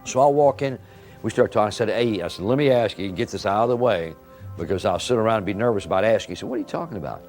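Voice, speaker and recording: Deep-voiced older man telling a story. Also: fast, faint music behind. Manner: acts out quoted dialogue in lively voices. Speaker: interviewee recalling a friend. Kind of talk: anecdotal storytelling.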